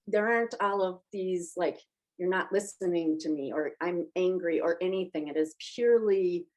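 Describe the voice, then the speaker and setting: Lady talking earnestly on a movie podcast, kinda low voice, thoughtful. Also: a little mellow, rough recording. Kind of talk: casual movie chat.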